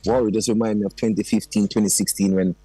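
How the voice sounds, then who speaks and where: Jamaican man, dancehall artist in a studio interview, animated and chatty, patois slipping in, lowish voice, dry studio sound. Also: fast talker, slightly rough, no room sound, poor audio. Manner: animated, keeps saying "you know what I mean"; slips into patois. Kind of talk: radio interview. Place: radio studio.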